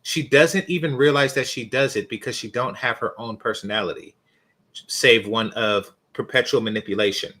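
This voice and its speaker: A man hosting a reaction video from a home setup on a desk mic, blunt and mocking, breaking into loud shocked yelps. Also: medium pitch, normal speed. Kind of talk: scornful reaction commentary.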